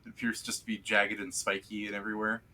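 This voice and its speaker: Bright-voiced male game master. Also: lowish voice, flat delivery, quick pace. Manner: rambling, filler-heavy scene description. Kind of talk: narrating a tabletop game.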